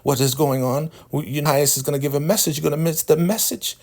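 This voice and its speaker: A man voicing a bossy, self-important woman cult elder who scolds everyone in a shrill voice. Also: fairly even intonation, fast, darkish tone. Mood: fussing.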